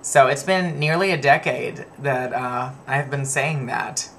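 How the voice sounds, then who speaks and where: A man's voice: mid-range voice, a little slow, a bit bright, a little hiss or hum. A man in his twenties talking casually to camera in a vlog, rambling and digressing as he tells a personal story. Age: 20s. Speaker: vlogger.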